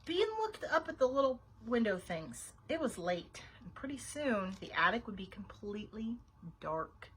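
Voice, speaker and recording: Animated woman reading a children's book. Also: fairly high pitch, normal speed, slight background noise, poor audio. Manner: expressive, animated reading with asides. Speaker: librarian reading aloud. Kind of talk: children's storytime read-aloud.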